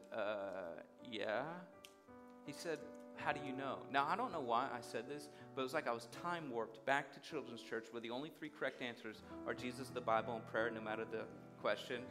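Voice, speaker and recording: A man's voice: mid-range voice, normal speed. Storytelling man preaching over music. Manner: vivid storyteller acting out dialogue. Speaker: guest speaker. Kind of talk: sermon storytelling.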